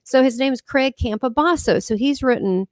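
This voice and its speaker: A woman with a somewhat high voice tells a personal story in casual chat, jumping up and down in pitch as she acts out what others said. The recording is dry and close, with no room sound. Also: normal speed, no echo. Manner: animated storyteller, acts out quoted dialogue with big pitch jumps. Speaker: host. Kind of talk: casual chat recounting experiences.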